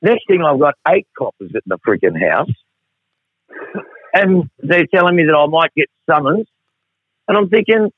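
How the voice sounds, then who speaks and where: A man's voice: a little high, animated, moderate pace, pauses often, slightly rough, dry recording. A middle-aged Australian man telling a rambling, profane, wry story as a radio guest. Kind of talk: casual storytelling on air. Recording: tinny phone line, dry.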